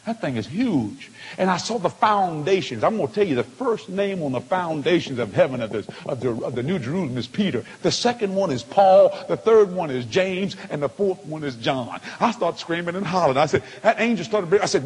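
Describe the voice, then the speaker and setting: A man preaching a testimony sermon, telling it with feeling and swinging from hushed tones to shouts. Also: sits high, expressive, brisk, slightly rough. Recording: long hall reverb.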